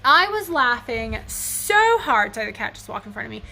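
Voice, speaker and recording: With a fairly high, gravelly, bright voice, big pitch swings, a forceful tone, and a moderate pace, a woman vlogs casually from home. She rambles chattily through a story at her own expense, laughing at herself and a little wheezy. The faint hum of a running fan sits in the background.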